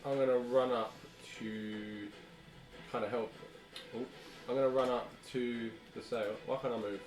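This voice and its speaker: A British-accented man plays a tabletop game and casually talks through his character's moves. His voice sits in a middle pitch. The room is echoey, with faint music underneath. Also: steady tone, a little slow, darkish tone. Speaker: player. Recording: roomy echo, faint music.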